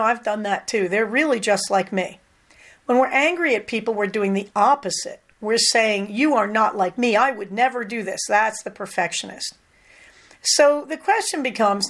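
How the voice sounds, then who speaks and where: An older woman hosting a podcast, talking candidly in a casual, conversational monologue with lively emphasis. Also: mid-range voice. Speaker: podcast host.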